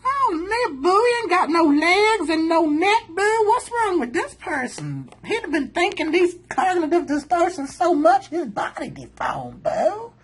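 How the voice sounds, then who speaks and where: A woman with a very high voice, chatting sassily through a self-help book. She keeps calling the listener honey and boo, laughs freely between her comments, and keeps the tone loose and playful. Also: very animated, measured pace, hardly any pauses, rough recording. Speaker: channel host.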